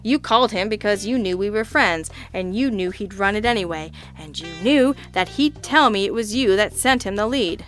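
A woman voicing a dry-witted male private detective who tosses off deadpan quips. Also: mid-range voice, moderate pace, few pauses, faint music behind, lightly acted. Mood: wry. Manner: wry and deadpan, with offhand quips. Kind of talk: audiobook character reading.

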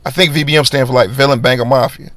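A man hosting a podcast, casually telling a personal story in slangy, animated talk and acting out the voices of people in it. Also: mid-range voice, fast, no echo.

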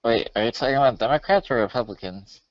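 A man's voice: mid-range voice, fast talker, no room sound, dull audio. A man appearing as a podcast guest in casual chat, wry and hesitant, repeating himself as he puts himself down. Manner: wry, hesitant, self-deprecating.

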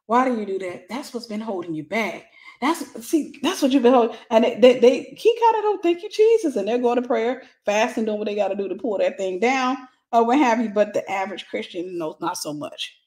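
A middle-aged woman giving a lively, conversational sermon, acting out little scenes and laughing as she teaches. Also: a little high, fairly quick. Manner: animated, acts out gossip with voices, laughs. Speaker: Christian teacher.

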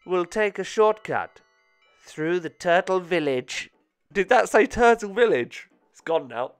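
A man giving excitable, self-mocking let's-play commentary with frequent swearing. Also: high-pitched, unhurried, clean tone, faint music behind. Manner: excitable, swearing, laughing at himself. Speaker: gaming channel host.

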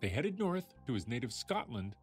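A man's voice: mid-range voice, big pitch swings, moderate pace, faint music behind. A man hosting a science show, telling a story in a playful, chatty way that speaks straight to the listener. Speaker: host.

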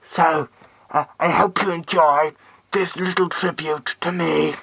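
Woman doing a vain ugly old lady, super slow and droopy. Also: deep voice, fairly even intonation, vocal fry, a bit bright, breathy edge, no echo, voice pushed down, exaggerated voice. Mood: self-pitying.

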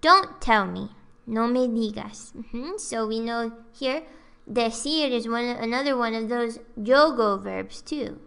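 A woman tutor giving a language lesson, switching between Spanish and English and repeating example phrases slowly and carefully. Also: fairly high pitch, vocal fry, fairly bright tone, clear, resonant tone.

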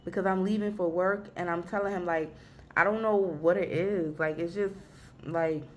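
A young woman talking at her home desk in a casual vlog, rambling and halting, close to tears. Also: fairly low pitch, steady tone. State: weepy, emotional. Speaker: vlogger.

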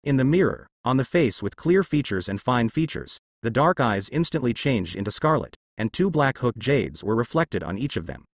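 A man narrating a story in an even reading with stilted phrasing. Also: medium pitch, moderate pace, hardly any pauses, no room sound, studio quality.

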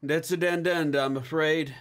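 A man doing a wry, joking young police officer, a bit higher. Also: fairly even intonation, unhurried, fairly bright tone. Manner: jesting, pedantic. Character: younger male police colleague, cynical and joking.

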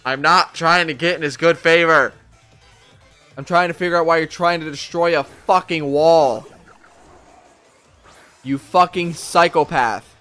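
A man giving casual gameplay commentary, excitable and profane, talking back at the characters on screen. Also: fairly high pitch, unhurried, pauses often, faint music behind. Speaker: let's play gamer.

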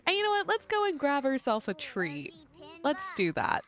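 A woman's voice: high voice, huge pitch swings, moderate pace, a bit bright. A young woman casually narrating her life-sim gameplay, chatty and giggly with lots of ums. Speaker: gaming channel host. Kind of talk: casual let's-play narration.

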